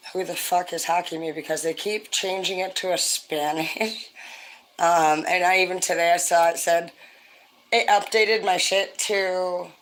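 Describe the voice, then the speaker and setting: A tipsy woman chatting casually to viewers on a livestream, rambling, gushing and swearing freely. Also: fairly low pitch. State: tipsy from drinking. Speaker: livestream host. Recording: roomy, distant mic, faint ambience.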